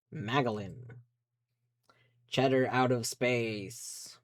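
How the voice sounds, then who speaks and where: Lively, yelping game streamer. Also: medium pitch, slow pace, no echo, studio quality. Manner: chatty self-narration with sudden yelps. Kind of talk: live gameplay commentary.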